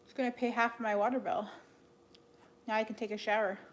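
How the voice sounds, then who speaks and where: A woman's voice: on the high side, level tone, fairly quick. A young woman chatting casually on a livestream, thanking donors and joking with a dry, sarcastic edge. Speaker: live streamer. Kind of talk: casual livestream chat reading donations.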